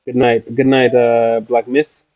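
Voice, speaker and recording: A man talking casually to his livestream audience and answering their questions with playful asides. His voice sits at a middle pitch and sounds dry and close. The recording is slightly dull and lo-fi. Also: little pitch movement, a little slow, a little mellow, no echo. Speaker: travel livestreamer. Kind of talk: casual livestream chat reading comments. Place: traveling in Iraq.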